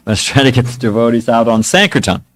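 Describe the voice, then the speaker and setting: A man's voice: mid-range voice, fast, fairly bright tone. A man in his seventies, a monk giving a spiritual talk, telling stories from his past in a casual, self-mocking way. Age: 70s.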